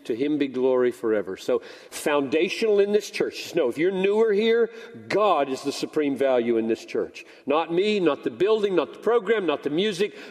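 A man's voice: on the high side, expressive, moderate pace, few pauses, a little mellow, long reverb tail. An older man preaching a sermon as pastor, telling a story animatedly and acting out both sides of the dialogue. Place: church sanctuary.

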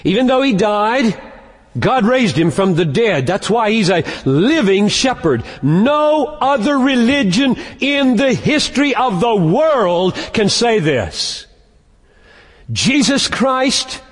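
A man preaching with a high, animated voice that leaps up and down. He speaks slowly and leans hard on key words, and his voice rings out with a long reverb like a large church sanctuary. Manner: emphatic preaching, slowing down to stress key words. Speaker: pastor. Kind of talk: sermon.

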